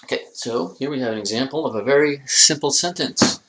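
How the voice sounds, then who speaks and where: A man's voice: mid-range voice, brisk. A man teaching an Arabic grammar lesson, joking and speaking straight to his students. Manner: jokey, addresses students directly, animated emphasis. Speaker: Arabic language instructor. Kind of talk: classroom lecture.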